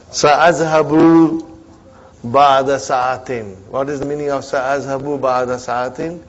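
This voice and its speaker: A man's voice: a little high, muffled recording. A man teaching an Arabic grammar class, drilling students with repeated questions and frequent "huh?" prompts, mixing Arabic terms into his English. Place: community centre classroom.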